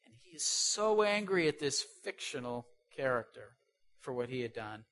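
A man preaching a sermon who asks rhetorical questions and swings between loud stresses and soft asides. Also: medium pitch, very animated, moderate pace.

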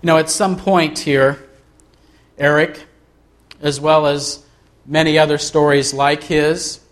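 A man preaching a sermon as pastor, reading aloud from a book and slowing down to stress key words. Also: a little high, fairly even intonation. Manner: earnest, slows down for emphasis.

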